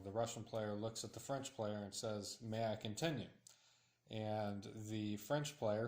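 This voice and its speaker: A man's voice: lowish voice, a little mellow. A man patiently explaining a tabletop wargame's rules step by step, with frequent fillers. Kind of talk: tabletop game tutorial. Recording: roomy echo.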